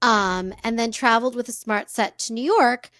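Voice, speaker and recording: A young woman co-hosting a podcast, chatting and telling a story in a relaxed, hesitant way. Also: on the high side, normal speed, no echo, studio quality. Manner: relaxed, hesitant, many fillers. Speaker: podcast co-host. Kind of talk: casual chat and storytelling.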